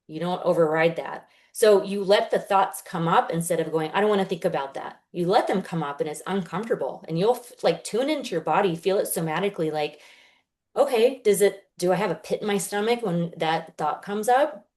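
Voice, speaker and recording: A woman's voice: fairly low pitch, a little fast, darkish tone. Earnest woman explaining healing. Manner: earnest, explanatory, acts out inner voices. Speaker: guest healer. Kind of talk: casual podcast interview.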